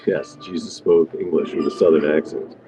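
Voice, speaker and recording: Very deep-voiced man chatting from a diner. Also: steady tone, moderate pace. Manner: rambling, chatty, reads and answers viewer comments. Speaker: livestream host. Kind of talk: casual live chat with viewers. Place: restaurant diner. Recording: dull lo-fi sound with faint music.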